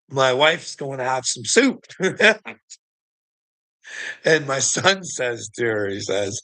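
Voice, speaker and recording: Bright-voiced man ranting and laughing. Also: medium pitch, very animated, extremely slow, long pauses. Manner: profane, laughing often, heated storytelling. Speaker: vlogger. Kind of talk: casual rant to camera.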